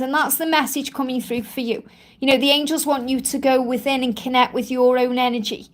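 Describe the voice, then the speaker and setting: High-voiced woman with Stoke accent. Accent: Stoke-on-Trent English. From England. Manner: chatty, reassuring, many "you know" fillers. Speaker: spiritual reader. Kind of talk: live stream Q&A.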